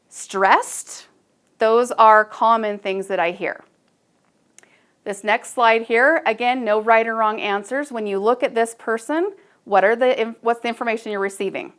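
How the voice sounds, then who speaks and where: A woman giving a recorded staff training talk, measured and instructive, with frequent ums and uhs. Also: a little high, fairly bright tone, smooth.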